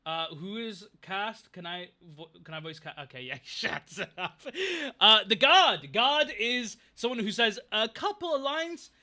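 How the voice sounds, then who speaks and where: A man's voice: high voice, animated, a little slow, few pauses, sharp tone. A young man chatting casually on a livestream, rambling, getting distracted and thanking viewers from chat. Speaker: streamer.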